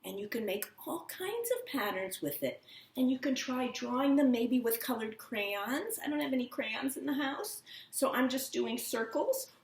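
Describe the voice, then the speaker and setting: Woman, children's music teacher at home, slow and animated, echoey room with a slightly distant mic. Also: a little high. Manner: sing-song counting and chanting of rhythms. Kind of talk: teaching movement and rhythm to young children. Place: at home, indoors.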